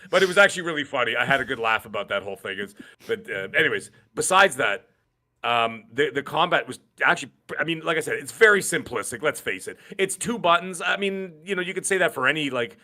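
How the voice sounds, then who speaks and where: A man co-hosting a gaming podcast in casual chat, excitable and given to acting out lines from games. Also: fairly high pitch, fast. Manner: excitable, acts out game characters' lines. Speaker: podcast co-host.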